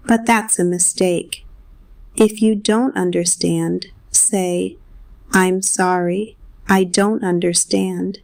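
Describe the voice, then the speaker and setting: A woman's voice: medium pitch, vocal fry, a little mellow, no room sound. A woman narrating a scripted English lesson, patiently explaining simple phrases and modeling examples. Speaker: English teacher.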